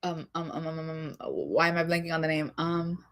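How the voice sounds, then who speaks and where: A young woman vlogger talks casually about songs that move her, in a lowish, bright, forceful voice at normal speed. She rambles, using lots of fillers and laughing asides.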